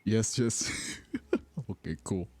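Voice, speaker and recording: A man's voice: lowish voice, slow, no echo. A man streaming in casual chat, telling rambling stories and laughing often. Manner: rambling, self-correcting storyteller.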